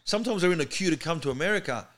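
Aussie guy on a podcast, bright forceful voice, a bit high, animated storyteller. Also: racing. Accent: Australian. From Australia. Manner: animated storyteller who acts out quotes. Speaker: podcast guest. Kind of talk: casual chat. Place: podcast studio.

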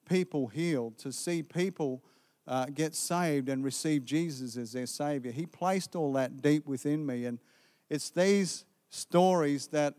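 A man preaches in a church, earnest and story-driven, acting out both sides of a conversation. His voice sits somewhat high for a man. A long reverb trails every phrase through the hall. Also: smooth. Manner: earnest, retelling dialogue with lively quoted exchanges. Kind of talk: sermon testimony storytelling. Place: church sanctuary.

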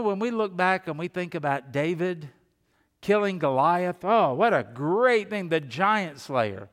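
A man's voice: a little high, fairly bright tone, long reverb tail. A male pastor giving a sermon, telling Bible stories and briefly acting out the people in them. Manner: storytelling preacher who acts out quoted characters.

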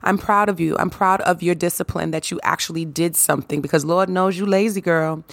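A hoarse woman with a raspy, lowish voice hosts her podcast, preaching to her listeners with sass and warmth of conviction. She sits close to the mic in a dry, dead room. Her talk is a motivational monologue, direct and playful. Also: steady tone, a little fast, no room sound. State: hoarse from a sore throat. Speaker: podcast host.

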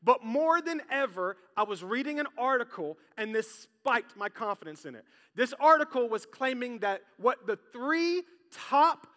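High, bright-voiced preacher. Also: male voice, a little slow, few pauses. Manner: lively, jokey, talks straight to the crowd. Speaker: pastor. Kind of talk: sermon. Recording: long hall reverb.

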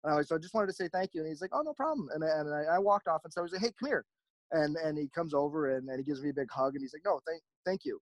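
A fast, rambling male talker who slips into little impressions of the people he's quoting. His voice sits a bit high for a man, and the sound is dry and close, with no room around it. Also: no room sound. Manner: rambling, animated, acts out quoted voices. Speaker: podcast host, merch company owner. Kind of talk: casual chat.

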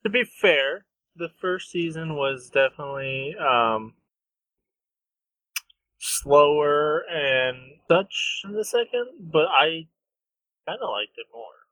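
A young man co-hosting a podcast, chatting casually and retelling a story in a halting way, full of fillers. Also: a little high, animated, a bit bright, no echo, low-quality recording. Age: young adult. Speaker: podcast co-host. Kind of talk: casual chat.

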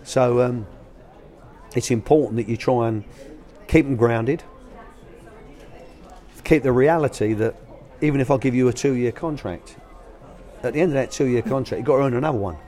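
In a mid-range, mellow voice at a moderate pace, an older guest recalls coaching young players during his years managing a youth academy. His storytelling interview answers are anecdotal and colloquial, with the quoted voices acted out.

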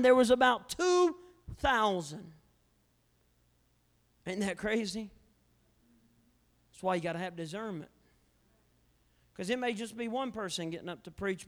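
A male evangelist preaching a fiery revival sermon in a church, swinging between loud declarations and hushed asides. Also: extremely high pitch, smooth. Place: church sanctuary. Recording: long church hall reverb.

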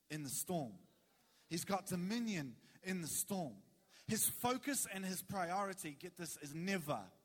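A male preacher talks through a sermon in a casual, animated way, leaning on dramatic pauses. His voice sits fairly high for a man. The sound carries the long reverb of a large hall. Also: slightly rough.

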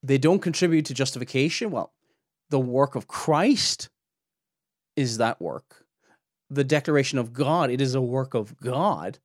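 A man's voice: medium pitch, animated, a little slow, no room sound, clean studio sound. A man hosting a podcast, teaching on theology in an earnest, emphatic way that climbs sharply when he presses a point. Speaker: podcast host and Bible teacher.

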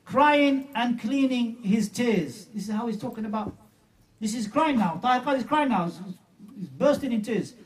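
A man's voice: very high voice, lively intonation, normal speed, recorded from a distance. A man preaching a sermon, emphatic and mocking as he retells a story.

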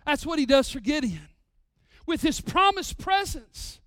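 A man in his thirties preaching a sermon as a pastor, swinging between loud, drawn-out lines and hushed, intimate storytelling. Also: very high-pitched, very animated, no echo, clean studio sound.

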